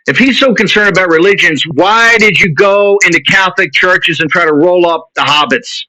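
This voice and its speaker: A man's voice: high voice, moderate pace, pushed and bright, dry recording. A man hosting a show, ranting in heated commentary and hammering his points with repetition. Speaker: show host. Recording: dull lo-fi recording.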